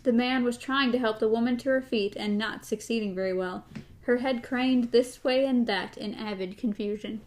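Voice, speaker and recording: Sex: woman. Role: podcast co-host. Style: casual book talk, reading aloud. Pitch: fairly high. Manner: animated. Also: moderate pace. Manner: animated, laughs often.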